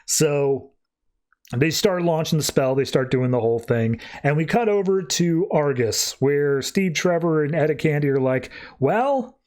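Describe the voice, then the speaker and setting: Animated man recapping comics. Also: a little high, moderate pace. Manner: animated, irreverent, acts out dialogue. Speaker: podcast host. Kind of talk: casual comic book recap.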